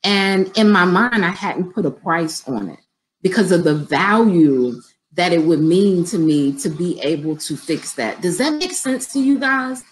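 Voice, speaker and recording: Conversational woman coach, lower voice. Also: expressive, measured pace, slight background noise, rough recording. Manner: conversational, addresses viewers directly. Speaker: business coach. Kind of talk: live-stream coaching talk.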